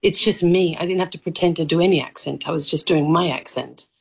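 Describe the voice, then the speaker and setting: Aussie actress in her 30s gushing in an interview, laughs a lot, lowish voice, accent a bit mixed. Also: fairly quick, gravelly, slightly rough. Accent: mild Australian, mixed from living abroad. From Australia. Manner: effusive, laughs often, animated storytelling. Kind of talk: casual interview chat.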